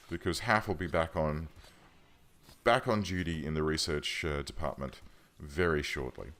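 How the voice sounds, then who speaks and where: Low-voiced, lively gaming commentator man. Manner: chatty, thinking aloud, self-correcting. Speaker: let's play host. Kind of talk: casual game commentary. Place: home room.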